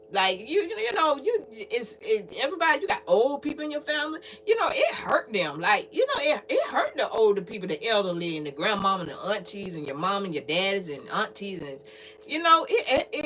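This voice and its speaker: A woman's voice: mid-range voice, a little hiss or hum. A middle-aged woman, talking casually to her livestream viewers and lecturing them in a repetitive, preachy way. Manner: preachy, lively, repetitive, talks straight to viewers. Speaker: livestream host.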